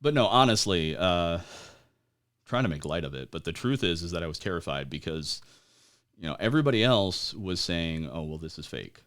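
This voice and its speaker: A man in his forties, an American military veteran, telling his story as a podcast guest in a halting way, with lots of fillers and wry laughs. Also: sits low, lively intonation, a bit bright. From United States. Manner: halting, many fillers, laughs at grim moments. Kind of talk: conversational interview storytelling.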